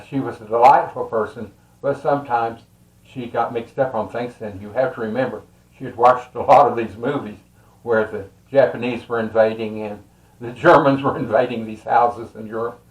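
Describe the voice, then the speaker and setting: An older man with a Texas accent tells a family story in a casual, rambling way, with many fillers and soft chuckles. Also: medium pitch, normal speed. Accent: Texan. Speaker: storyteller and tarot reader. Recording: roomy echo.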